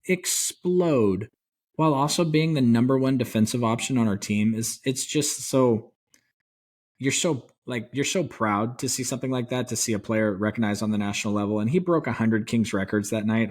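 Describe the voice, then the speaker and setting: A man co-hosting a podcast, chatting about sports as an excited, rambling fan with some mild swearing. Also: lowish voice. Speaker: podcast co-host. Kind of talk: casual sports chat.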